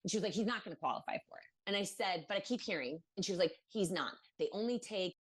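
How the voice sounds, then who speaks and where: A woman guest on a podcast recounts a personal story in lively, casual talk. She slips into quoted voices of the people around her, often with "like" and restarts. Her voice sits at a middle pitch for a woman. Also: fast talker, breathy edge. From Maryland, USA. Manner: animated, acts out quoted voices, many fillers.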